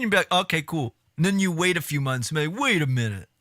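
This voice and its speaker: A man's voice: on the high side, lively intonation, fast, few pauses, pushed and bright, no room sound, studio quality. A man streaming a casual reaction commentary, talking bluntly with frequent swearing and mocking asides.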